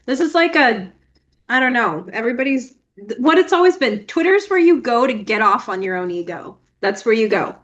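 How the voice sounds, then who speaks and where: A young woman co-hosting a casual podcast, her voice sitting high. She tells stories with plenty of energy, laughing often and acting out each scene. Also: moderate pace, dull audio. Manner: animated storyteller, laughs often, acts out scenes. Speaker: podcast co-host. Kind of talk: casual chat.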